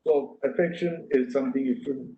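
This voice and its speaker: An older Indian man gives a speech to an audience in an echoey hall, speaking at normal speed in a mid-range voice. He is earnest and anecdotal, with frequent fillers and restarts. The recording sounds dull and lo-fi.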